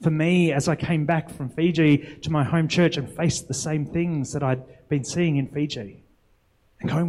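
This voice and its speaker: A man's voice: fairly high pitch, steady tone, moderate pace, a little mellow, poor audio. Earnest man preaching a sermon. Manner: earnest, reflective, with rhetorical questions.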